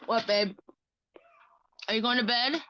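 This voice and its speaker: A woman's voice: a little high, a little slow, muffled recording. A woman livestreaming in casual chat, talking bluntly with lots of swearing and mocking remarks.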